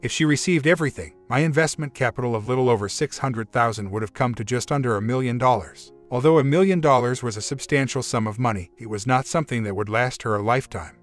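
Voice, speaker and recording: A man narrates a scripted relationship story in a steady, measured way. His voice sits in an ordinary middle pitch. Soft music plays faintly beneath the reading. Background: faint background music.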